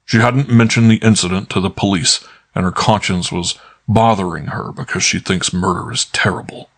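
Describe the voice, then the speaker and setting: A man's voice: low-pitched, steady tone, normal speed. A man voicing an authoritative older male detective in an audiobook, formal and precise. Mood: commanding. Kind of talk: audiobook character voice.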